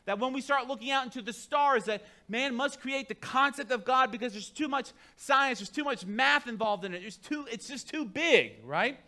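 Preaching to his congregation, a male pastor speaks in a very high-pitched, animated voice at normal speed with hardly any pauses. His delivery is emphatic and conversational, swinging from quiet asides to loud proclamations.

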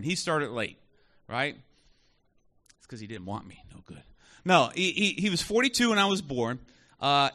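A man's voice: high-pitched, bright, forceful tone. A man in his thirties preaching a conversational sermon in church, often asking the congregation questions. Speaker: pastor.

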